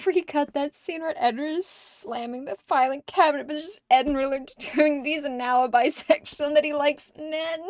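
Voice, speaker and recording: A woman streamer chats casually with her viewers, animated and profane, laughing often and acting out quotes in squeaky voices. She talks at normal speed, and the sound is clean studio audio with no echo.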